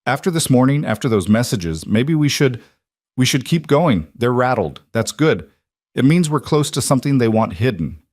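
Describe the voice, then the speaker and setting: A man's voice: mid-range voice, big pitch swings, moderate pace, a little mellow, no echo, studio quality, pitched above the performer's own voice. A man voicing a determined, guarded single father who talks in clipped, confrontational lines. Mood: resolute.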